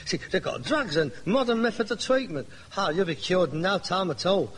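An actor playing a theatrical, hypochondriac grown son in a sitcom. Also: male voice, high-pitched, animated, normal speed, a bit bright, a little hiss or hum. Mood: soothing. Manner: theatrical, whining, self-dramatizing. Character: melodramatic hypochondriac grown son, pompous and whiny. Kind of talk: sitcom acting.

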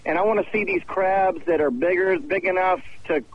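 A man's voice: high voice, normal speed, a little hiss or hum. Upbeat man on a dull phone line. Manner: upbeat and chatty. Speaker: guest musician. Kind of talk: phone interview. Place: backstage at a concert. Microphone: phone call.

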